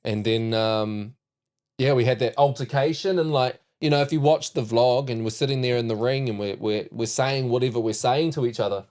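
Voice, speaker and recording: Male NZ podcast host, middle pitch, animated storyteller, casual. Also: normal speed. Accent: New Zealand. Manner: animated storyteller, laughs and acts out quotes. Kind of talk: casual chat.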